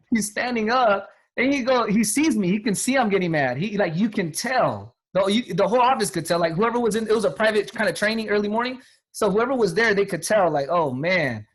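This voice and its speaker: Man, 30s, high-pitched, energetic motivational storyteller. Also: fairly quick, slightly rough. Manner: energetic, repetitive, quotes people in acted voices. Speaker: guest speaker.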